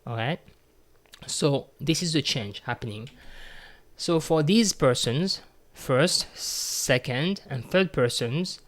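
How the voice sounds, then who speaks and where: A man's voice: fairly high pitch, lively intonation, slow pace. Patient man teaching a grammar lesson. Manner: patient, explains step by step with fillers and repeats. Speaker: French teacher.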